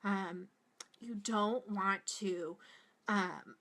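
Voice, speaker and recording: Here the same Boston-accented young woman from Massachusetts, a beauty vlogger, talks very slowly in a mid-range voice against heavy background noise. She rambles casually through a makeup tutorial, saying "like" a lot and wandering off on tangents.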